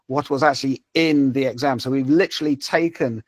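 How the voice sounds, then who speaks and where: A man's voice: mid-range voice, a little fast, no echo. A man presenting a language-learning app in a live webinar, talking over a video call with many fillers and restarts. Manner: hesitant, many fillers and repeated words.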